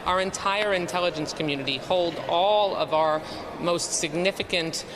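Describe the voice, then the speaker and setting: Give me a woman giving formal, halting interview answers outdoors, with loud street and traffic noise behind her. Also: on the low side. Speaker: politician interview guest. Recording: noisy outdoor street audio.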